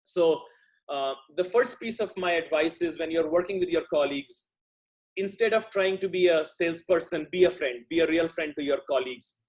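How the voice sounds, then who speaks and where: Guy from india giving a talk, middle aged, highish voice, restarts a lot. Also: normal speed. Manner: thoughtful, conversational, with frequent restarts. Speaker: guest speaker. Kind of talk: talk on workplace relationships.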